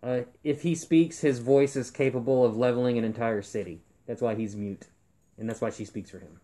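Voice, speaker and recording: Guy on a podcast explaining comic lore, dark mellow voice, kinda teasing. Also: medium pitch, steady tone, a little fast. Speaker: podcast co-host.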